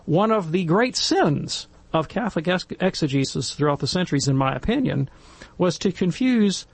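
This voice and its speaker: Middle-aged male panelist, gravelly and husky, lively storyteller who acts out quotes. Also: fairly high pitch, normal speed, dry recording. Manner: animated, acts out quoted voices. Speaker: panelist in a Catholic discussion. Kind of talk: casual storytelling and commentary.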